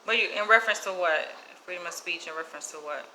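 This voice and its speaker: A woman's voice: quick pace, reverberant, slight background noise, poor audio. A woman vlogger telling a personal story in a casual, outspoken way, with light cursing. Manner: outspoken, animated, drops into higher mimicking voices when quoting others. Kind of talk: casual storytelling to camera, reading live chat.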